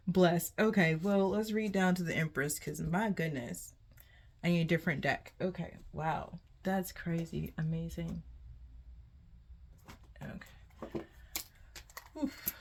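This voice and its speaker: A woman doing a casual tarot reading for viewers, animated and laughing often, swearing freely. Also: low voice, slight background noise. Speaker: tarot reader.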